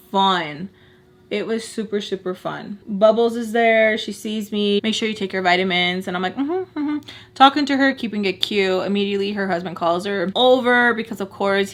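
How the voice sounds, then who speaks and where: A young woman telling a casual storytime as a vlogger, chatty and full of fillers, acting out the voices of the people she quotes. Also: medium pitch.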